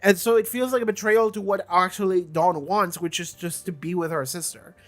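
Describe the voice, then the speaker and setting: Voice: medium pitch, steady tone, fairly quick, fairly bright tone, soft background music. A young adult host talking through a TV season in a rambling, casual review, repeating words and filling with "like".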